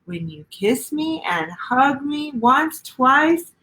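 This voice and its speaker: A middle-aged woman pastor reading a children's picture book aloud, gentle and sing-song, pausing to ask the little ones questions. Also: high voice, very animated, low-quality recording.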